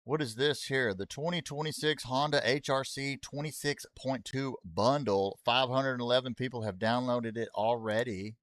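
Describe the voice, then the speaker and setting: A man's voice: mid-range voice, normal speed, few pauses, fairly bright tone, dry recording. A man streaming a racing game, chatting casually to his viewers, rambling and getting sidetracked with jokes. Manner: rambling, easily sidetracked, joking; talks to chat with y'all asides. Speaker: gaming streamer.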